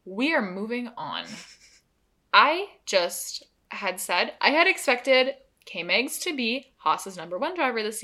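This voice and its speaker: A young woman from Canada co-hosting a casual podcast, animated and opinionated, laughing often. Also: mid-range voice. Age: young adult. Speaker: podcast co-host. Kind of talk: casual chat.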